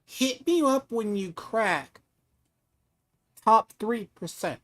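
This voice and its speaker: Male game streamer, mocking trash-talker, swears freely, voice a touch high, desk mic at home. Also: expressive, slow pace, fairly bright tone. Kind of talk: casual live-stream trash talk.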